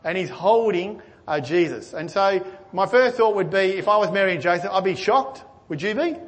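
A man preaching a sermon, earnestly asking his listeners questions and swinging between excited and hushed delivery. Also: high-pitched, moderate pace. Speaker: pastor.

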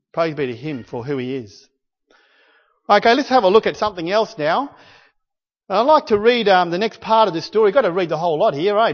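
A man preaching a sermon, animated and at times rising to near-shouts. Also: sits high. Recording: dull lo-fi sound with long hall reverb.

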